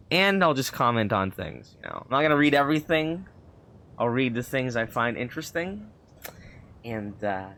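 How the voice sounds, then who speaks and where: A man's voice: medium pitch, a bit bright. A man streaming a game, chatting casually and thinking aloud with lots of fillers. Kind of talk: casual gameplay commentary.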